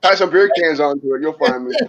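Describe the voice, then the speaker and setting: A man's voice: fairly high pitch, fast talker, fairly bright tone, highs cut off. A man from the St. Louis area, a guest in a casual chat, who stammers and repeats words and laughs easily.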